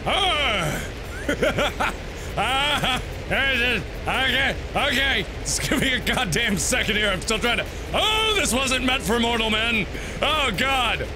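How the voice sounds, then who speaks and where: A man giving goofy, excitable gameplay commentary with frequent exclamations and swearing. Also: very high-pitched, unhurried, crowd noise, background noise.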